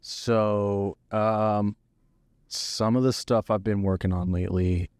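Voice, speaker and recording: A man, a videographer guest, telling stories of his work in a relaxed, conversational way on a podcast. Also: fairly low pitch, slow, clear, resonant tone, dry recording, studio quality. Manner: relaxed storytelling, easy and conversational. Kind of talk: casual podcast chat.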